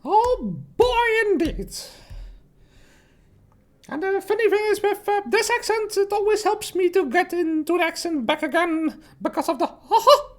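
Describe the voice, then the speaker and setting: A chipper cartoon mouse with a squeaky, bouncing falsetto that keeps breaking into little laughs. The voice leaps all over the place, bright and playful, always sounding pleased with itself. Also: male voice, lively intonation, a little slow. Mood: giddy. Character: famous cheerful cartoon mouse, high and giggly. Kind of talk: live-stream voice impression.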